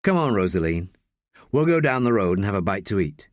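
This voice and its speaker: A man voicing a charming young woman who speaks calmly and firmly. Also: on the low side, fairly quick, no room sound, clean studio sound, voice pushed down. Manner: calm, firm.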